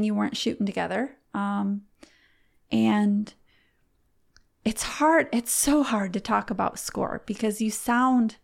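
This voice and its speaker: A middle-aged woman who is a competitive archer shares a personal story as a podcast guest. She speaks with heartfelt emotion but haltingly, often restarting, in a medium-pitched voice with vocal fry.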